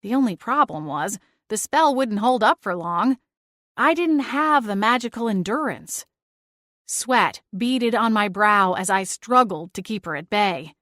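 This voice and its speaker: Woman narrating a lively fantasy audiobook. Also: medium pitch, measured pace, no room sound, studio quality. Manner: lively, dramatic storytelling. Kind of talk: first-person audiobook narration.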